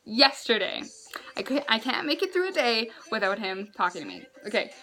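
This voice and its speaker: A woman vlogger telling a story to the camera, exasperated and animated, laughing in disbelief. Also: fairly high pitch, normal speed.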